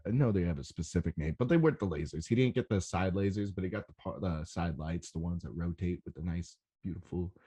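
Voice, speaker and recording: A young man hosting a rave podcast, talking in an excitable, rambling way and swearing often. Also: low voice. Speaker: podcast host. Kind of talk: casual solo podcast recap.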